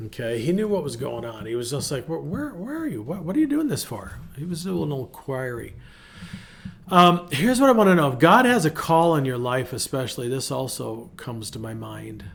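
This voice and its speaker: Middle-aged male host, casual devotional talk, mid-pitched and chatty, acts out voices. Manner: chatty and animated, acts out quotes in varied voices. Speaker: ministry podcast host.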